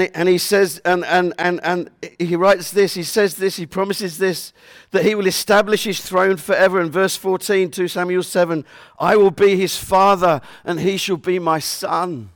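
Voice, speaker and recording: A man with a fairly high voice preaches a sermon in an earnest tone. He keeps coming back to scripture verses and repeats them for emphasis. The recording is close and dry, with no room echo.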